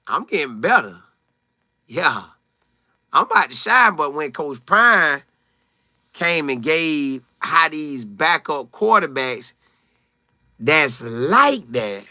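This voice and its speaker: A man hosting a live sports talk stream, reading out viewers' comments and answering them with animated, repetitive emphasis. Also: fairly high pitch, slow pace, no room sound, clean studio sound. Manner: repeats phrases for emphasis, acts out quotes. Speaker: sports talk show host.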